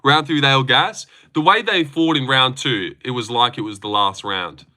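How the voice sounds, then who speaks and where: A man's voice: mid-range voice, moderate pace. A young man with an Australian accent, chatting loosely and swearing as he hosts a livestream and reads out comments. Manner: loose, excitable, swearing banter. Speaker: livestream host. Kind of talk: casual livestream chat reading comments.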